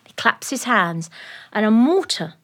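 Woman storyteller, animated, playful, fairly high voice, lively swings, studio recording. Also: a little slow, slight background noise. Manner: animated, playful, laughing asides. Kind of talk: live oral storytelling.

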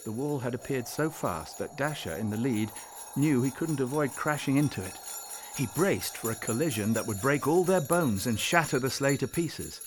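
A man's voice: medium pitch, slight background noise. Man narrating a storybook.

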